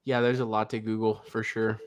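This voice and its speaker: A man's voice: lowish voice, little pitch movement, fairly quick, smooth, no echo. Man host of a casual podcast, dry close sound, loose and joking. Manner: laughing, loose, jokey retelling. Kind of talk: casual banter.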